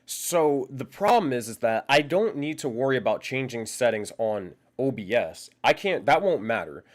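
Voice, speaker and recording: Lively, chatty young man streaming live. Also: medium pitch, normal speed. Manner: loose, profane, laughs often, thinks aloud. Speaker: livestream host. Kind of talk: casual live-stream chat. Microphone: condenser microphone.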